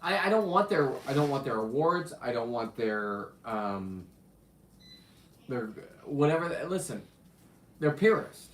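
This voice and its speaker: An animated man with a mid-range voice keeps a measured pace, recorded in an echoey room with slight background noise. Hosting a show, he tells boastful, profane diving stories casually, veering between loud bursts and mutters.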